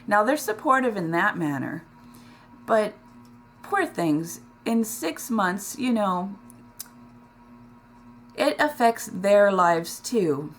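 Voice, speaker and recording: A middle-aged woman talking in a personal vlog, emotional and close to tears, halting with many ums and restarts. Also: medium pitch, sing-song, faint music behind. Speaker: weight loss vlogger.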